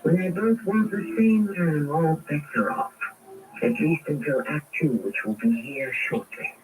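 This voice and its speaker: A man hosting an old radio drama, giving a measured, theatrical narration between acts. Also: fairly high pitch. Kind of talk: scripted narration. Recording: old radio broadcast, distant mic, hiss.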